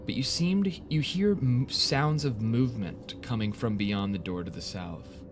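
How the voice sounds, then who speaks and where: A man narrating as game master, hesitant and filling pauses with ums. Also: medium pitch, music in the background. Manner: hesitant, many fillers. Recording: noisy background.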